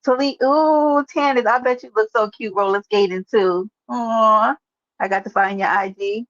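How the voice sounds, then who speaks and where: A woman's voice: a little high, normal speed, no room sound, highs cut off. A woman hosting a casual livestream, chatting and teasing as she answers viewers by name. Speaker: livestream host. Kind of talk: casual live-stream chat.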